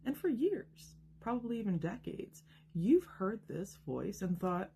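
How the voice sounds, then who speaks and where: A woman in her thirties speaks a scripted motivational monologue, her husky voice swinging widely in pitch. She leans on rhetorical questions and lets dramatic pauses land. Her tone is emphatic and direct. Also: sing-song, warm tone. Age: 30s. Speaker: self-help video host.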